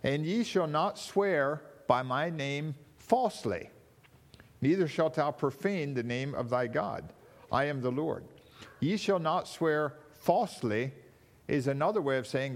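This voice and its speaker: A man with a slightly higher voice delivers a sermon. He speaks in a measured, teaching way and slows down to lean on important words. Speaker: preacher.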